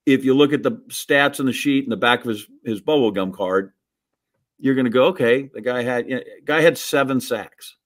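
A middle-aged man from Wisconsin, co-hosting a podcast and telling a childhood story in an animated, mock-indignant, self-mocking way. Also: medium pitch, normal speed. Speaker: podcast co-host. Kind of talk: casual storytelling chat.

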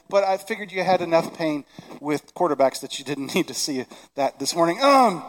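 A middle-aged man preaching a Christmas sermon, animated and shouting excited lines. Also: on the high side, a little fast. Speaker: pastor. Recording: long reverb of a large hall.

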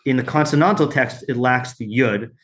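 Male teacher, mid pitch, reads scripture aloud, talks loose and unscripted with lots of ums and asides. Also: normal speed, fairly bright tone. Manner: reads translations, stops often with fillers and asides. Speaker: Bible study teacher. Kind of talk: informal text study, reading aloud.

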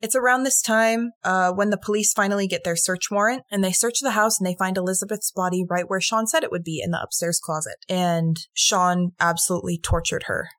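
A woman co-hosting a true crime podcast, retelling a case in a casual, animated way with some swearing. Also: mid-range voice, a little fast, hardly any pauses, no room sound. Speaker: podcast co-host.

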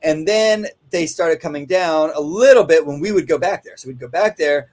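A man with a slightly higher-than-usual voice, talking through how he trains dogs. He rambles in a loose, conversational way and keeps checking in with listeners by asking "right?". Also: animated, moderate pace, darkish tone. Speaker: dog trainer. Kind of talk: casual instructional talk. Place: kennel office.

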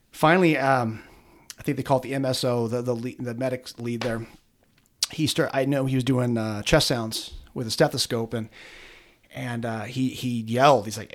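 A middle-aged police officer recounts a hard experience to an interviewer in plain conversation. His delivery is earnest and halting, with frequent fillers and repeated starts. His voice sits at an ordinary middle pitch. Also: steady tone. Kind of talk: conversational interview, personal story.

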